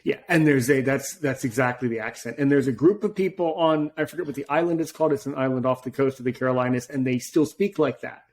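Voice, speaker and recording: This man hosts a podcast interview, and his casual chat wanders through rambling tangents. His voice is mid-range with a darkish tone, and he talks fast with few pauses.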